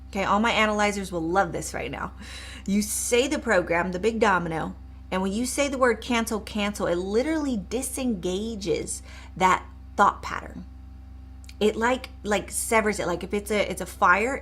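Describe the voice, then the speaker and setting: Upbeat, encouraging woman coach. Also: medium pitch. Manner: upbeat, encouraging, talks directly to viewers; guides a short eyes-closed exercise in a softer voice. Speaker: mindset coach. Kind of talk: live coaching demonstration.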